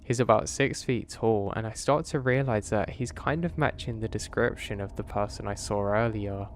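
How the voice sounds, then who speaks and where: A man, narrating a first-person horror story in a steady, earnest way. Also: fairly low pitch, moderate pace, a little hiss or hum.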